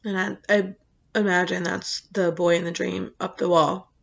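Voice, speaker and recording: A woman reading a children's book aloud, with relaxed, chatty asides to her listeners. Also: lowish voice, normal speed, vocal fry, lo-fi sound. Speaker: storyteller.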